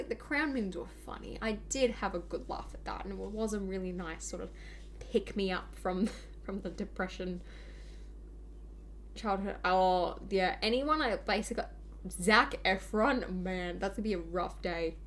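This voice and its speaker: A woman's voice: medium pitch, normal speed, slight background noise. Rambling young woman chatting. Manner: rambling, filler-heavy, chatty. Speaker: gaming channel host. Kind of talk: casual chat over gameplay.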